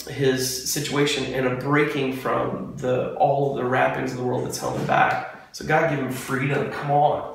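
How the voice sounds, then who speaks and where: A pastor shares his faith in an earnest, excited, preacherly manner, chatting casually in a devotional vlog filmed on a front porch. His medium-pitched voice carries heavy reverb and a little hiss or hum.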